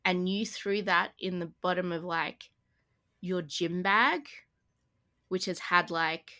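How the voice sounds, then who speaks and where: A woman's voice: on the low side, slow, sharp tone. A woman co-hosting a casual tabletop-game podcast, rambling and laughing often. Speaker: podcast co-host. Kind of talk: casual chat.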